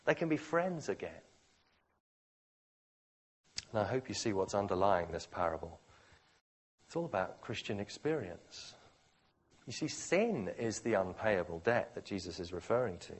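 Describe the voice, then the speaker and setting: A man preaching a sermon, dramatically shifting between quiet, slow phrases and loud, forceful ones. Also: lowish voice, sing-song, breathy edge.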